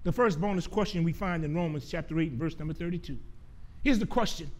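High-voiced preacher man, rhetorical and repetitive. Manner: slows down and drops soft on key phrases. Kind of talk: sermon.

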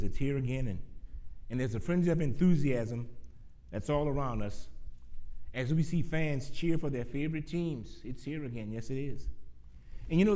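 A man preaching a sermon to his congregation, earnest and emphatic, rising and falling as he drives his points home. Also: a little high. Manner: earnest, building from soft announcements to emphatic preaching.

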